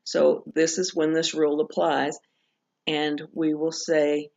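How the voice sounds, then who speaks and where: A woman teaching pronunciation in a recorded lesson, patiently walking through examples and repeating each one slowly. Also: low voice, flat delivery, creaky, darkish tone. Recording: dull lo-fi recording.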